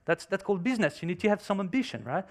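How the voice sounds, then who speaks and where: A man's voice: high-pitched, very animated, very fast, pitched above the performer's own voice. A man speaking English as a second language, voicing a pushy, successful businessman who lectures insistently.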